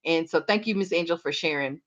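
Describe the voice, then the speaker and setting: A woman's voice: deep voice, a little fast. A woman hosts a gardening livestream, chatting casually with viewers and calling them y'all. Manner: animated, addresses viewers as y'all. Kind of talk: casual chat reading viewer comments. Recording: slightly dull lo-fi livestream audio.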